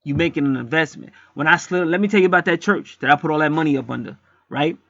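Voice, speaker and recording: A man's voice: on the high side, fast, creaky, a bit bright, no echo, highs cut off. A middle-aged man acting as a spiritual reader, talking bluntly in a casual streetwise monologue and swearing freely.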